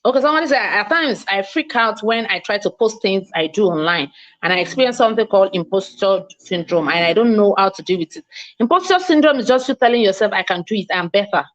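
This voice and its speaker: A woman from Nigeria with a Nigerian English accent, giving a fast, emphatic, self-assured online mentoring talk as a coach. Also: medium pitch, animated, lo-fi sound. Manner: speaks fast, by her own account.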